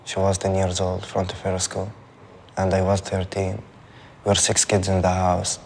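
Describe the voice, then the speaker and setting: A man in his twenties speaking gravely and plainly in a filmed debate. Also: low voice, completely flat delivery, moderate pace, darkish tone, slight background noise. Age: 20s. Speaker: debate participant.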